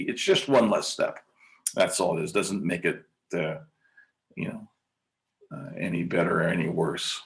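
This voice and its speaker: A man's voice: low voice, steady tone, moderate pace, gravelly, a bit bright. A male music teacher leading a workshop, chanting rhythm syllables and counting beats aloud, with frequent ums and uhs. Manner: hesitant, many ums and uhs. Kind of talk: conference workshop demonstration.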